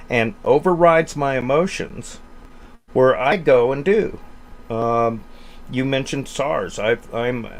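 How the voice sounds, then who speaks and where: A man's voice: medium pitch, a little hiss or hum. A man who works as an emergency communications officer, giving earnest, urgent advice in a casual group discussion on a live stream.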